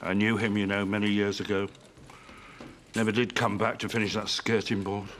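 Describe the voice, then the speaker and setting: An actor playing a vain, pompous stage actor with a loud, shouty, theatrical voice in a sitcom. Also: male voice, lowish voice, level tone, moderate pace, noisy background, lightly acted. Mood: glum. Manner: indignant, grand declaiming. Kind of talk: sitcom acting.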